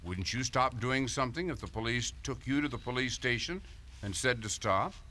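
A calm, caring grown-up. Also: female voice, a bass voice, moderate pace, exaggerated voice.

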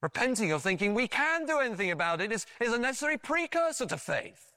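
Animated, bright-voiced male preacher. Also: extremely high pitch, fast, no echo, clean studio sound. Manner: animated storytelling with frequent restarts and "you know". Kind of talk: sermon.

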